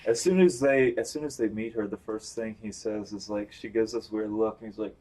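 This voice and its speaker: A man's voice: lowish voice, brisk, rough recording. Casual young man reviewing a movie. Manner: animated, acts out quotes. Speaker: podcast host.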